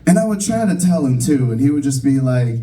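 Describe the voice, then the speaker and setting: A man's voice: medium pitch, very animated, a little fast, mellow. A young adult man performing a stand-up comedy set in a comedy club, talking casually and mocking himself, with lots of fillers. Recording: distant room recording of a live set.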